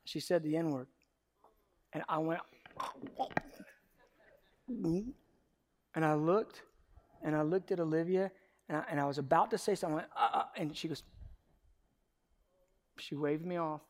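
A man's voice: a little high, a little slow, long pauses. Man preaching a dynamic sermon. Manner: dynamic preacher who swings between hushed storytelling and loud emphatic exhortation. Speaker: pastor.

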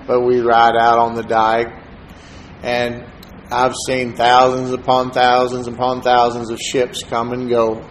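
A man's voice: medium pitch, completely flat delivery, slow pace, a little hiss or hum, low-quality recording. Man preaching in a storytelling way. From Texas, USA. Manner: conversational storytelling, soft-spoken asides. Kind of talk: sermon.

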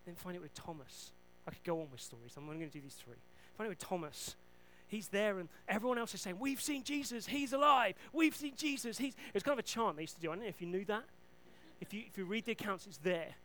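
A man preaching a sermon, retelling Bible stories in an animated way with self-deprecating asides. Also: sits high, fast, faint music behind, rough recording.

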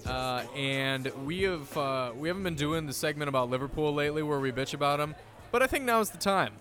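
A man's voice: fairly high pitch, expressive, fairly quick, fairly bright tone. Wry joking man, faint music behind. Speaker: podcast co-host. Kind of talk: casual sports chat.

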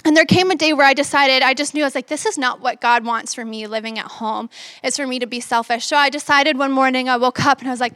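A woman's voice: high-pitched, brisk, fairly bright tone, no echo. A woman in her twenties giving a sermon in an upbeat, conversational way, acting out her own thoughts as she tells a story. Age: 20s. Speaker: young preacher.

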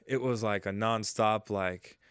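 A man in his forties, a former ballplayer, telling stories casually in an interview and loudly acting out the lines he quotes. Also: fairly low pitch, a little slow, clear, resonant tone, dry recording, clean studio sound. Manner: animated storyteller, acts out quotes loudly. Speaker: former baseball player, guest.

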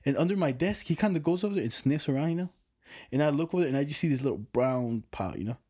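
A man's voice: fairly high pitch, lively intonation, very fast, warm tone, slightly rough. A man in his twenties chatting casually from his bedroom at home, telling rambling stories full of profanity and slang. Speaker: podcast co-host. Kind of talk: casual chat.

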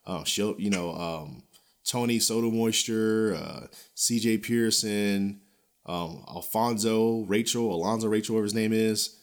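A man's voice: on the low side, a little slow. Profane, ranting male podcast host. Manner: blunt, profane, animated ranting with frequent chuckles; loose, rambling delivery with many restarts and fillers. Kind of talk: casual ranting podcast commentary.

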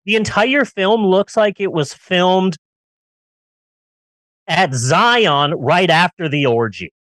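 A man's voice: high-pitched, lively intonation, takes it slowly, fairly bright tone, dry recording. A man co-hosting a casual movie-review podcast, ranting sarcastically and riffing with jokes. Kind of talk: casual comedic film review chat.

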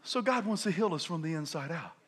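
A man in his fifties preaching a lively sermon as a pastor, telling stories and often shouting with laughter. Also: on the high side, a little fast. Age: 50s. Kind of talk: energetic sermon.

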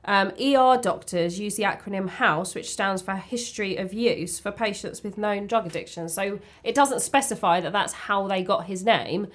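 A woman's voice: mid-range voice, normal speed, hardly any pauses. A woman in a casual podcast chat, talking bluntly with many ums and restarts. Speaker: podcast co-host.

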